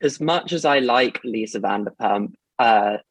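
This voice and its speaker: A man with a posh English accent talks in a careful, hedging way, softening his points. His voice is a little husky, set in a dry, close recording with no room sound. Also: medium pitch, expressive, no echo, low-quality recording. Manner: measured, hedging with "sort of" and "as such". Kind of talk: casual chat.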